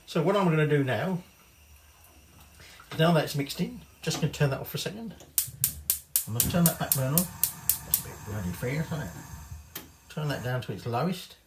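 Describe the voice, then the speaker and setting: A man's voice: on the high side, expressive, moderate pace, pauses often, distant mic, background noise. Chatty Northern English man cooking. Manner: chatty, swears casually. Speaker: home cook. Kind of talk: casual cooking tutorial. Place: home kitchen. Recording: echoey kitchen from off-mic.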